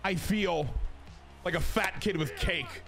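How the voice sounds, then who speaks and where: A young man hosting a gaming channel, giving excited commentary on his baseball video game and cheering and shouting at the plays. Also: sits high, slow, creaky, over music. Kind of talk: excited live gameplay commentary.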